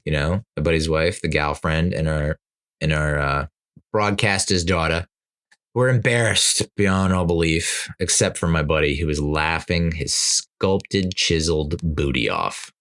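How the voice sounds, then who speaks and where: A man's voice: extremely low pitch, unhurried, a bit bright. A middle-aged man hosting a podcast, telling a rambling, self-mocking story in casual monologue, laughing at himself. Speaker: podcast host.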